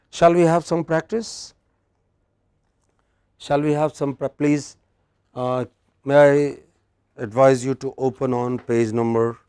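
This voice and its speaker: A man's voice: medium pitch, a little mellow, clean tone, dry recording, clean studio sound. A man with an Indian English accent teaching English word stress in a classroom lecture, quizzing his students.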